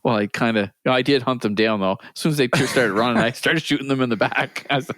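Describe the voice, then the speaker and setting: A man co-hosting a podcast in casual chat, an animated storyteller who acts out voices and laughs often. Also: medium pitch, quick pace, no echo, clean studio sound. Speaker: podcast co-host.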